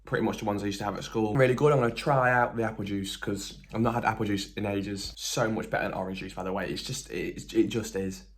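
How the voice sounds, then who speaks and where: A man's voice: on the low side, steady tone, fast, few pauses. A young man, chatting enthusiastically in a casual food vlog. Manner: enthusiastic and chatty, lots of exclamations. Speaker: vlogger.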